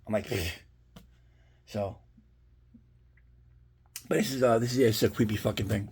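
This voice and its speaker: A man's voice: lowish voice, fairly even intonation, moderate pace, darkish tone, a little hiss or hum. A middle-aged man chatting casually and rambling through a profane story as he shows off horror collectibles. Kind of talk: casual unboxing chat.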